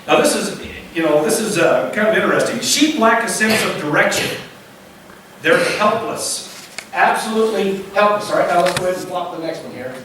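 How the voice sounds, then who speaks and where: A man's voice: high-pitched, animated, normal speed, background noise. A male pastor preaching a folksy, joking sermon and now and then imitating bleating sheep. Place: church sanctuary. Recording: very echoey hall, distant mic.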